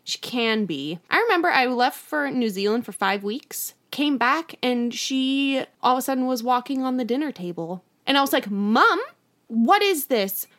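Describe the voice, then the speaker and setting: Young woman, casual podcast chat, lively storyteller, acts out quoted voices, everyday conversational tone. She leans into her stories, mimicking family members with playful pitch jumps. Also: normal speed, few pauses. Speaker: podcast co-host.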